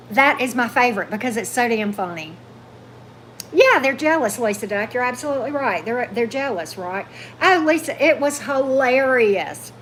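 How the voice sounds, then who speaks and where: Lady on a tarot livestream, gushy and animated, a bit high, faint hiss behind. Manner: gushing, animated, reads out viewer comments. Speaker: tarot channel host. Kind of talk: casual livestream chat with viewers.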